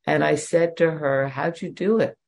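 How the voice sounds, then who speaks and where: A woman's voice: deep voice, moderate pace, vocal fry, a little mellow. A woman in her forties sharing a candid, emotional personal testimony with self-deprecating humor at a recovery meeting. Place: at home.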